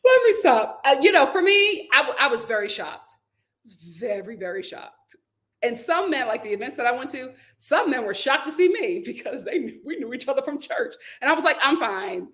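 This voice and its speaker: Her voice sits high and moves fairly quickly as she hosts a relaxed live stream. She reads viewers' comments aloud, chats with animation, and laughs often.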